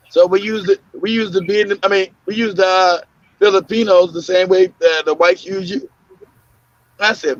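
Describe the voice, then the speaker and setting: A man with a high, fairly bright voice and fairly even intonation speaks at a moderate pace, with no room sound, though the lo-fi audio is muffled. He's a podcast host telling loose conversational stories on a casual talk show, with many fillers, restarts and laughs.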